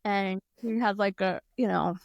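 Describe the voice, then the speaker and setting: A woman's voice: fairly even intonation, vocal fry, no echo, lo-fi sound. A woman co-hosting a casual podcast, chatty and laughing often as she recounts things. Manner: chatty, laughs often, quick shifts in pitch when quoting. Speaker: podcast co-host. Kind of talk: casual chat.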